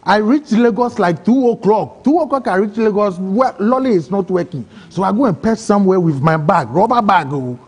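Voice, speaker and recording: A man with a Ghanaian English accent, telling his own story in an interview, excitable and acting out other people's words. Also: sits high, moderate pace, hardly any pauses, slightly rough. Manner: excitable, acts out quoted voices, broken phrasing. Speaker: interview guest. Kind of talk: emotional personal storytelling.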